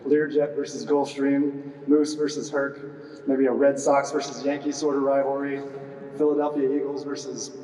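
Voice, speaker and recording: A man's voice: mid-range voice, monotone, normal speed, dark tone. A middle-aged man presiding over a retirement ceremony as squadron commander, giving a humorous speech full of "uh" fillers and audience banter. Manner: joking, chatty, with frequent "uh" fillers and audience banter. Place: large hall. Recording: echoey hall from a distance.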